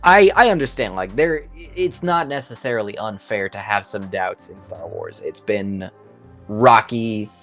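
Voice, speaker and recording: A tired man late at night in a casual chat, speaking in a reflective, measured way. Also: lowish voice, lively intonation, fairly bright tone, faint music behind. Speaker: podcast guest.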